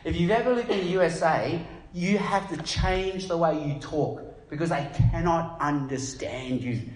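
A middle-aged Australian man preaching a sermon, telling stories with lively acted-out voices. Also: on the high side, moderate pace. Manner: animated storytelling, acts out voices in anecdotes. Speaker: pastor. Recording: echoey room.

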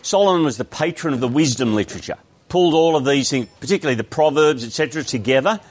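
An Australian man gives a sermon in a church. His middle-pitched voice is easygoing and explanatory. He often restarts his sentences as he talks through the passage. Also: quick pace. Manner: conversational, explanatory, with frequent restarts. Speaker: preacher.

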